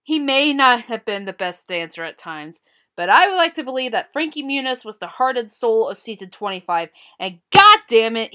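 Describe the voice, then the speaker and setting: A woman's voice: fairly high pitch, bright, forceful tone. A woman giving blunt, opinionated solo commentary on a TV show, swearing freely. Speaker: TV commentary vlogger.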